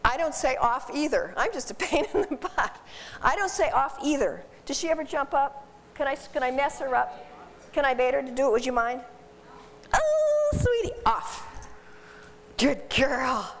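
A woman instructor teaching dog behavior to a live class in an animated, joking way, quizzing the class as she goes. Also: high-pitched, a little fast, slight background noise. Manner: animated, jokey, asks the class questions. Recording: roomy hall from a distance.

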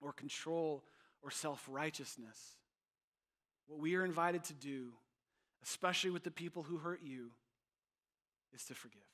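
Male pastor, bright upper voice, emphatic sermon delivery. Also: on the high side, a little slow, long pauses. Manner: animated, emphatic preaching.

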